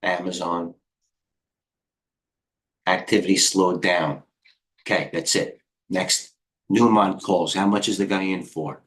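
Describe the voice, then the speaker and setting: American trading guy on a live stream, lowish voice, rambly and excitable, hops from ticker to ticker. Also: slow, pauses often, a little hiss or hum. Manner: excitable, rambling, jumps between tickers with quips. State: out of breath. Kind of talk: live market commentary.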